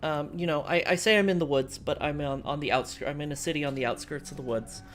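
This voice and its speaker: A woman from the US with a low-sitting voice talks fast, chatting offhandedly with her audience during a strategy game live stream. Soft music runs underneath her rambling, filler-heavy speech full of restarts.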